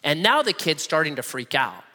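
A man's voice: a little high, moderate pace. A middle-aged man preaching a sermon, telling a story with humor and acting out the voices. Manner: animated, humorous, acts out voices. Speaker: pastor. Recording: long reverb of a large hall.

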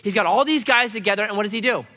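A man's voice: sits high, very fast, sharp tone. A man preaching a sermon, telling anecdotes and acting out the voices of the people in them. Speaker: pastor. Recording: long hall reverb.

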